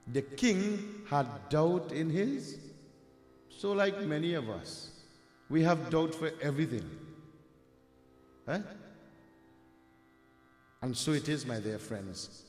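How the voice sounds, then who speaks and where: A man's voice: a little high, expressive, slow, long pauses, darkish tone, faint music behind. A man from Trinidad with a Trinidadian accent, telling a devotional story as a sermon in a rhetorical manner. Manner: rhetorical, addresses "my dear friends", asks "huh?". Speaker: Hindu preacher telling a katha. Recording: echoey hall with long reverb.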